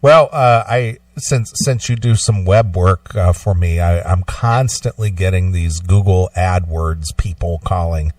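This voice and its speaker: A man's voice: deep voice, a little slow, few pauses, darkish tone, no echo, distant mic. A man hosting a radio show in casual banter, chatty and repetitive, asking pointed questions. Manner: chatty, repeats himself, asks pointed questions. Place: radio studio.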